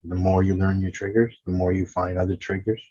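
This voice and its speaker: A man's voice: low voice, flat delivery, brisk, warm tone, highs cut off. A man hosting a self-help podcast, talking earnestly and casually, now and then acting out his own doubting inner voice. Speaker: podcast host and coach.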